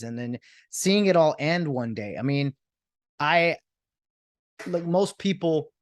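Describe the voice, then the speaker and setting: A man's voice: medium pitch, dry recording, studio quality. A man in his thirties hosting his own podcast, talking in an earnest, rambling way with many restarts. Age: 30s. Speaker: podcast host. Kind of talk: casual solo podcast monologue.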